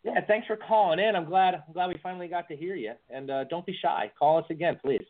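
A man's voice: on the high side, fast, phone-quality sound. A man hosting a podcast, joking in a sarcastic, crude way. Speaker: podcast host. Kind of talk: casual podcast banter.

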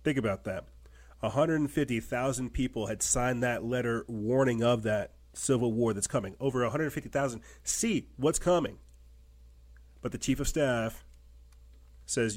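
A man's voice: mid-range voice, moderate pace, a little mellow. A man hosting a political commentary show. He reads news articles aloud and breaks into emphatic remarks full of repetition and rhetorical questions.

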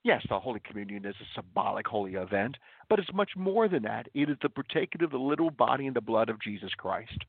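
A man's voice: mid-range voice, sing-song, quick pace, gravelly, hardly any pauses, husky, no echo. A man preaching earnestly as a radio host, leaning on repeated rhetorical questions and stressed words. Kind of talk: radio sermon. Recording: dry, tinny phone-like broadcast audio.

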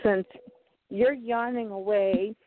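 A woman's voice: medium pitch, fairly even intonation, takes it slowly, a little hiss or hum. A woman co-hosting a casual chat, talking in an easygoing way and repeating words while she searches for them. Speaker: co-host of a toy collecting show. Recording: dry, phone-like narrow audio.

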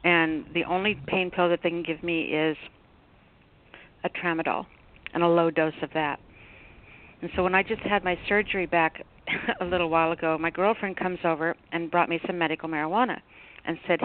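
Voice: medium pitch, steady tone, normal speed. A caller on a radio call-in show telling a story and laughing while talking. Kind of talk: casual call-in chat. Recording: tinny phone line with faint noise.

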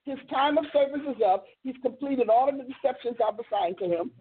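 A woman voicing God in a husky voice, giving blunt, matter-of-fact commands. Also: high voice, fairly quick, a little hiss or hum, close to an everyday voice. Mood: stern. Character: commanding God presiding over heaven. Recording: tinny phone-line sound.

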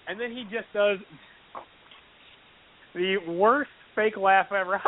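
A man in his late twenties hosting a casual wrestling chat show, telling animated stories and mimicking wrestlers. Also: high-pitched, slow, pauses often. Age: late 20s. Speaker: podcast host. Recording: tinny phone-line sound.

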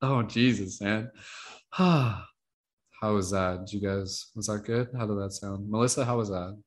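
A man's voice: fairly low pitch, unhurried. A man hosting an online workshop, chatting casually over a video call, rambling with plenty of fillers. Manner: rambling, full of fillers like "like" and "you know". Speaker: workshop host.

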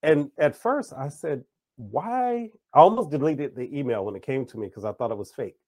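Animated man hosting a podcast. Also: medium pitch, a little fast, no echo. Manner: animated storyteller, acts out quoted voices. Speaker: podcast host. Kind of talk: casual conversational interview.

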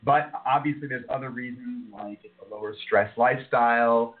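A man from New York City speaks as a wellness guest, telling stories in an animated, loose way full of fillers. He is heard through a computer mic that makes his voice thin and phone-like. His pitch sits in the middle. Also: normal speed. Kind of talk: casual interview talk.

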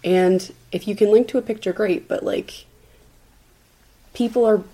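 A woman's voice: medium pitch, fairly even intonation, unhurried, warm tone, low-quality recording. A woman on a casual panel, giving direct social media advice. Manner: advising, direct. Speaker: podcast panelist.

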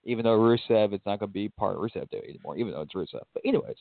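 A man's voice: on the low side, rapid-fire, vocal fry, no echo. Opinionated man on a tinny line. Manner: opinionated, swears casually, laughs along. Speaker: podcast co-host. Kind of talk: casual wrestling talk. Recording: tinny phone-like line, dry.

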